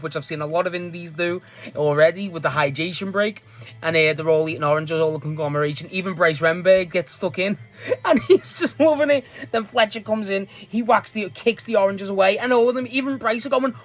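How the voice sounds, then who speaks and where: A speaker giving a casual, rambling recap of a wrestling match. They swear freely, laugh often and restart sentences a lot. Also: mid-range voice. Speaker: wrestling show reviewer.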